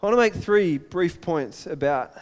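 High-voiced pastor preaching. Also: male voice, moderate pace. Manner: animated storytelling, acts out crowd voices. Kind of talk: sermon. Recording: long hall reverb.

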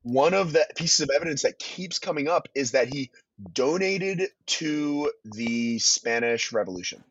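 A man's voice: a little high, animated, measured pace, fairly bright tone, husky. A man guesting on a podcast, rambling through his thoughts on a film with restarts and casual swearing. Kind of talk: casual movie review chat. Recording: dull dry lo-fi sound.

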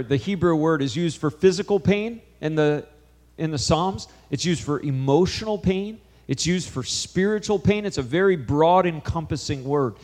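A man preaching a sermon to a congregation, moving from scripture into a story he acts out line by line. His voice sits a little high for a man. Long reverb of a large hall hangs after his words. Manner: storytelling, quoting conversations with shifting emphasis. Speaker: pastor.

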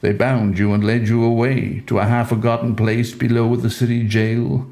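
A man narrating a poetic story with a measured, solemn delivery. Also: medium pitch, little pitch movement, vocal fry, a little mellow.

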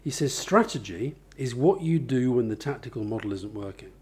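Husky, mellow man explaining ideas. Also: medium pitch, animated, normal speed. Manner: thoughtful, explains with examples, many restarts. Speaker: author and interviewee. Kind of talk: conversational interview.

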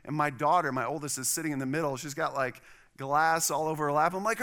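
Preaching at a fast clip, this middle-aged pastor shares a story from his own life with lively energy, imitating each character's voice. His pitch runs fairly high and the sound is clean.

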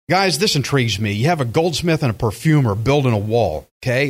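A pastor, preaching in a conversational style with joking asides. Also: male voice, medium pitch, expressive, fairly quick, hardly any pauses. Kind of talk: sermon.

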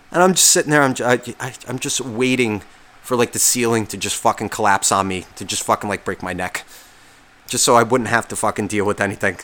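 Male podcast host, mid-pitched voice, sarcastic and exasperated rant, heavy swearing. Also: fairly bright tone. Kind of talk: casual storytelling rant.

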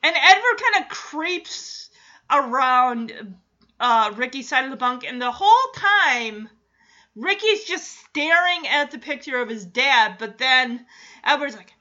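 A woman's voice: high voice, lively intonation, slow pace, pushed and bright, muffled recording. A woman host chatting casually as she recaps a TV episode, with lots of "like" and light laughs. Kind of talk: casual chat.

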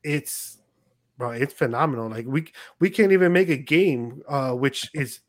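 Young male podcast host, animated, full of quoted asides, middling pitch, dry close sound. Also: unhurried, dry recording. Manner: animated storyteller, quotes himself and others. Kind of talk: casual chat.

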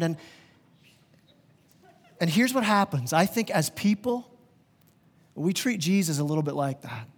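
A man preaching a sermon as pastor, animated and direct with the congregation, often stumbling and repeating words. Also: high voice. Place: church.

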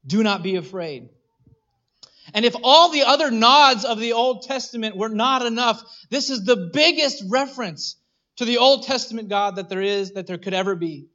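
Animated male pastor, muffled sound. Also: very high-pitched, normal speed. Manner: animated, acts out voices, restarts often. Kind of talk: sermon.

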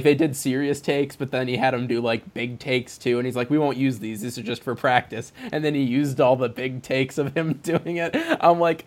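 A man in casual conversation about a film, his voice sitting at an ordinary pitch. He laughs often and breaks into animated impressions of the characters as he talks. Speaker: film podcast co-host.

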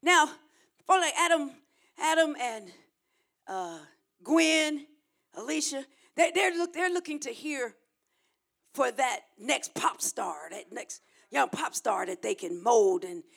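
Lady preacher giving a sermon, really high voice, call and response stuff. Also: lively intonation, slow pace, vocal fry, pauses often, fairly bright tone.

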